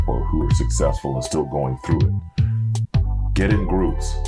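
Middle-aged male minister-host, extremely deep voice, earnest and repetitive, over loud guitar music. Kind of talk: spoken prayer and podcast sign-off.

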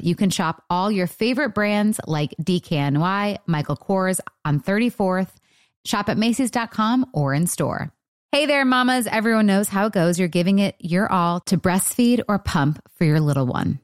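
A woman's voice: on the low side, lively intonation, moderate pace, no echo, studio quality. Woman reading a sponsor ad. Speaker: ad reader. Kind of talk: upbeat scripted ad read.

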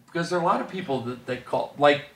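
A man in casual chat, telling rough, profane stories and mimicking the people in them. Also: on the high side, expressive, fast, a bit bright. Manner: storytelling with mimicked voices, swearing.

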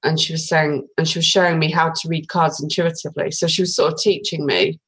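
Chatty British woman, lowish voice. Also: flat delivery, a little fast, a bit bright, husky, rough recording. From Britain. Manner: chatty storytelling with many fillers. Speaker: guest, tarot reader. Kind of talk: casual podcast interview.

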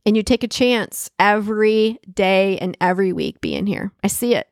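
A woman of middling pitch hosts a reflective solo podcast, speaking close to the mic in a dry, dead room. She talks conversationally, repeats key phrases for emphasis and laughs often. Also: moderate pace, dry recording. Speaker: podcast host.

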